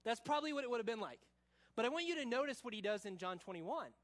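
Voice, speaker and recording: A man preaching a sermon as pastor, explaining scripture with casual asides and dropping soft and low for quoted lines. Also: lively intonation, fast. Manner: casual asides, says y'all.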